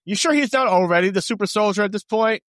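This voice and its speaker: A man co-hosts a podcast, talking through a movie plot in a relaxed, conversational way with offhand asides. His voice sits a little high for a man. The recording is dry and close. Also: quick pace, dry recording. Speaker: podcast co-host. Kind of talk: casual chat.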